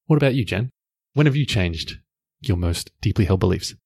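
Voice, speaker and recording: Low-voiced man chatting on a podcast. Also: lively intonation, moderate pace, vocal fry, a little mellow, slightly rough, no room sound. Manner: jokey, laughs often, playful teasing. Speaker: podcast co-host. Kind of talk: casual podcast chat.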